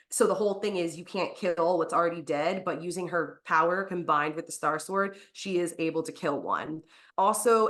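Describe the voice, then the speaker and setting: A woman co-hosting a podcast, casually recapping a novel's plot in a chatty way, full of fillers and quick acted-out quotes. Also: on the low side, fairly bright tone. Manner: chatty, lots of "like", acts out quotes. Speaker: podcast co-host.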